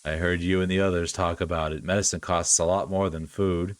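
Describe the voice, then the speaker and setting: A man voicing a frail, sad young man in a visual novel, speaking quietly and with self-blame. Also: low voice, level tone, a little fast, no echo, pitched below the performer's own voice, lightly acted. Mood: subdued. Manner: quiet, subdued, self-blaming.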